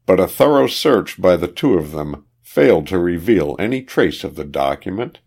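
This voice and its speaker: A man narrates an old-fashioned detective story in a low, gravelly voice. His reading is measured and unhurried, and he raises his pitch to set the characters' dialogue apart. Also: very animated, darkish tone. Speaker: audiobook narrator. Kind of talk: scripted narration of a period detective novel.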